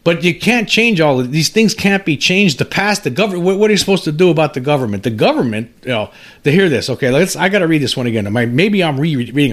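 On his UFO commentary channel, a man in his fifties with a fairly high, animated voice reads an article aloud and comments casually. He stumbles and restarts often, and his voice climbs when he gets indignant.

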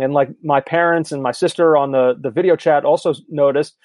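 A man in his thirties chatting on a podcast, candid and self-deprecating, tending to ramble. His voice sits a little higher than most men's. The recording is dry and close. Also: fairly even intonation, a little fast, a little mellow, no echo. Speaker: podcast co-host. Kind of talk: casual chat.

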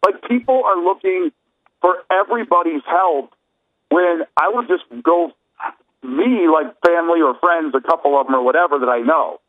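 A man's voice: a little high, normal speed, dry recording. A man co-hosting a podcast in easygoing, teasing casual chat. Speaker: podcast co-host. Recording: dull lo-fi line.

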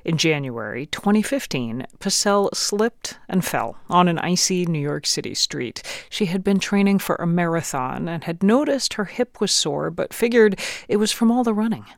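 A radio host reading a scripted segment introduction in a measured, polished way. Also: mid-range voice, lively intonation, vocal fry, dry recording, studio quality. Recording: music bed under the voice.

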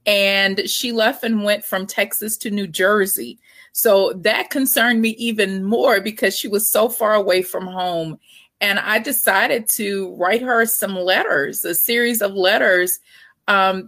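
A woman's voice: medium pitch, fairly bright tone, no room sound. A woman in her forties, a guest author and parent, talking candidly in a casual interview. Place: Texas.

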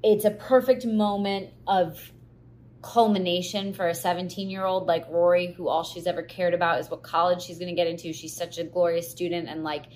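Woman host, casual solo podcast, rambling and emotional, slightly low voice, faint room hum behind. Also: flat delivery, fast, hardly any pauses. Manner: chatty, filler-heavy, gets teary and laughs at herself.

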